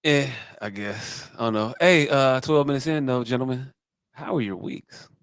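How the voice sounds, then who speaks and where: Male podcast co-host, relaxed joker, smooth clear voice, dry close sound. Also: mid-range voice, moderate pace, dry recording. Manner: laid-back, joking, profane. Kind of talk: casual banter.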